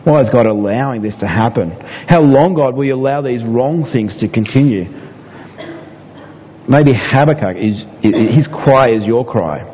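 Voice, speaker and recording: A man's voice: medium pitch, moderate pace, husky, muffled recording. Man preaching in a reverberant hall. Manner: pleading, dramatizes prayers in a raised voice. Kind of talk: sermon.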